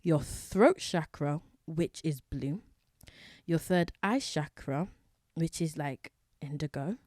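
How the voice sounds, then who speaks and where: A woman's voice: low-pitched, expressive, takes it slowly, darkish tone, no echo, studio quality. A young woman hosting a casual solo wellness podcast, chatty and self-correcting, with many fillers. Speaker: podcast host.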